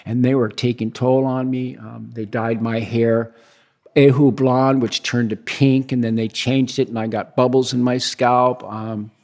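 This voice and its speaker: A man in his sixties from the United States, telling stories as a guest in a relaxed, rambling way and acting out the dialogue he quotes. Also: medium pitch, measured pace. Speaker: guest, big-wave surfer. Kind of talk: casual storytelling interview.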